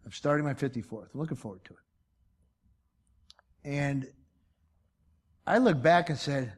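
A man's voice: medium pitch, expressive, normal speed, pauses often, breathy edge. A man in his fifties preaching a sermon as pastor, emphatic and folksy, full of rhetorical questions. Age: 50s.

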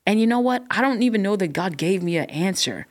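A woman's voice: mid-range voice, expressive, quick pace. A woman guest on a podcast, talking with passion and emphasis as she shares her faith story. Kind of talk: casual podcast conversation.

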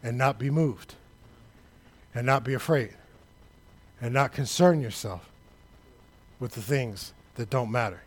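A man preaching a sermon, talking straight to the congregation, building to shouted peaks and then dropping low and quiet. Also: measured pace, pauses often. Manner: conversational, addresses the congregation directly.

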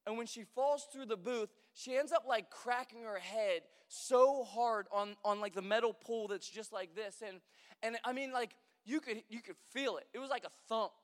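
A young pastor with a very high voice gives a conversational sermon at a moderate pace in a large church hall. He's a chatty, joking storyteller who uses lots of fillers, and the recording carries long hall reverb.

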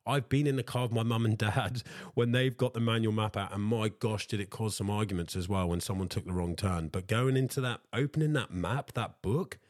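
Here a very low, darkish-toned man chats by himself on his motivational podcast, casual and wordy, often saying guys to his listeners and repeating himself. His voice comes through close and dry, without any room sound.

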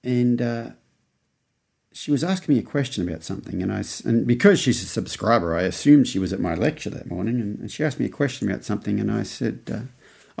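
Gravelly Australian man in his fifties. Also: mid-range voice, lively intonation, brisk, darkish tone. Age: 50s. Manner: rambling, with many restarts and acted-out quotes. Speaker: podcast host. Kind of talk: casual storytelling monologue.

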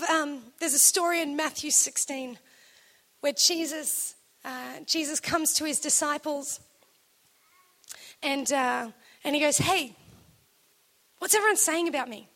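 Bright high-voiced woman preaching. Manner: animated storytelling, acts out quoted dialogue. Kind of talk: sermon.

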